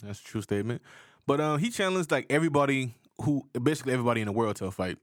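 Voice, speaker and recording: A man's voice: mid-range voice, animated, racing, no echo, clean studio sound. A man co-hosting a podcast, talking loosely and profanely in a joking casual chat. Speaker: podcast co-host.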